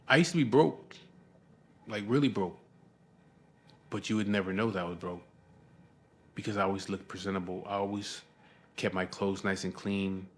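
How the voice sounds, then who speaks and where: Deep-voiced man rambling. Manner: profane, rambling, frequent "you know what I mean". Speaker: vlogger. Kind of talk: casual storytelling to camera.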